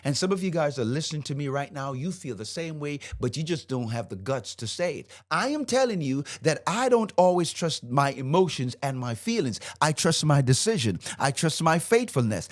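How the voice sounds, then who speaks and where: A marriage coach and host in his fifties teaches faith-based marriage principles to camera, quoting scripture with fired-up, preacherly energy. His voice is on the high side.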